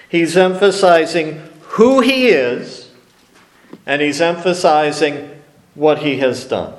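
A man preaching a sermon slowly and emphatically, with dramatic pauses on key words. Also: fairly high pitch, reverberant. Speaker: pastor.

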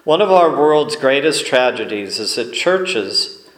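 A male pastor giving a sermon, telling folksy stories with deliberate pauses. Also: medium pitch, very animated, reverberant, poor audio. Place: church sanctuary.

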